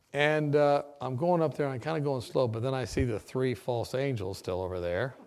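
A man preacher telling his testimony in a sermon, acting out dialogue and halting with fillers. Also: mid-range voice, creaky, darkish tone.

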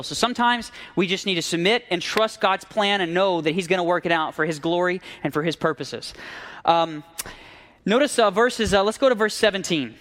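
A man's voice: high voice, fairly bright tone. A man preaching a sermon, reading scripture and telling stories in an earnest way, repeating words as he restarts. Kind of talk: sermon with Bible reading and storytelling.

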